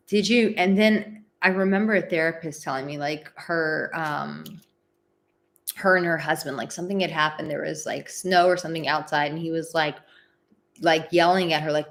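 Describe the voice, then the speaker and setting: A woman's voice: sits low, fairly even intonation, normal speed, a bit bright. A woman hosting a live advice talk, chatting casually with many "like" fillers and acting out example phrases. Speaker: relationship advice host.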